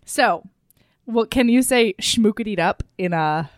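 A woman co-hosting a podcast, recapping a romance novel in casual chat, animated and profane, often laughing. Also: mid-range voice, measured pace, no echo, studio quality. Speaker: podcast co-host.

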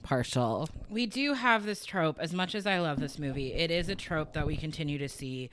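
A podcast co-host chatting casually, emphatic and quick to agree. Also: medium pitch, expressive, fairly bright tone, a little hiss or hum. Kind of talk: casual chat.

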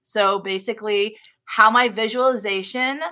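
A middle-aged woman, a guest author, telling a story in an interview in an expressive way, with many restarts. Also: mid-range voice, normal speed. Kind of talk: storytelling in a live-streamed interview.

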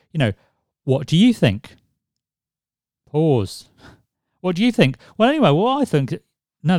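Chatty male podcast host, mellow tone. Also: a little high, dry recording, clean studio sound. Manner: chatty, demonstrates examples, many "sort of" fillers. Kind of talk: public speaking tips podcast.

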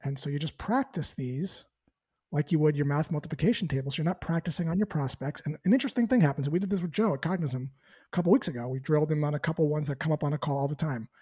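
A man giving a conversational sales coaching talk, animated and lively, acting out sample phone exchanges. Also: a little high, fast, slightly rough. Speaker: sales trainer.

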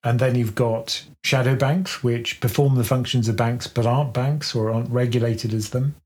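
A man co-hosting a finance podcast, explaining banking in a measured, conversational way with everyday analogies. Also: mid-range voice, steady tone, a little mellow.

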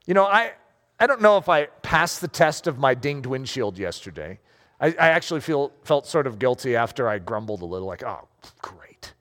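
A man preaching a sermon, talking in a lively, conversational way with self-deprecating asides. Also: mid-range voice, fairly quick, big-room sound. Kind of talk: sermon with story reading.

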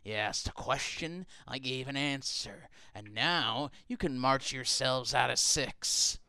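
A man's voice: takes it slowly, clear, resonant tone, no room sound, heavily acted. A man voicing a surly, dismissive male dwarf in a tavern, speaking curtly. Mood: cold. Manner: curt, dismissive, low and quiet.

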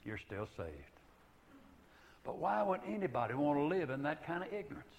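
An older man preaching a sermon in an earnest way, rising to loud emphatic peaks and then dropping to hushed, low passages. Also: very animated, moderate pace, gravelly, poor audio.

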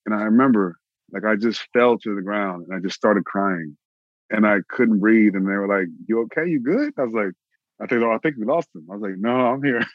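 A man from Austin, Texas, an actor telling his own story in an interview, animated and repeating phrases for emphasis. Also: mid-range voice, no room sound, dull audio. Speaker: actor, guest.

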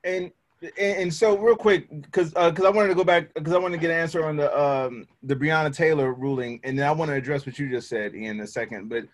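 A man hosting a panel discussion, cutting in to steer the talk with quick questions. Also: fairly high pitch. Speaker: host. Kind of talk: moderating a panel.

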